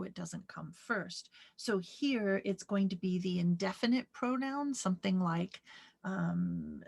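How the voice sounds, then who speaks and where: A woman's voice: fairly low pitch, gravelly, darkish tone. A woman teaching a Greek grammar lesson, patiently walking through each example and answering her own questions. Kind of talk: slow, step-by-step lesson with many fillers.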